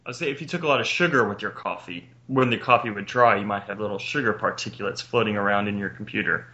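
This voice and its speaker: A man's voice: on the low side, bright, forceful tone. A man hosting a casual podcast chat with friends over a call, joking and teasing with mock exasperation. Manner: joking, exasperated, quick to laugh. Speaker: podcast host. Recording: muffled lo-fi call audio.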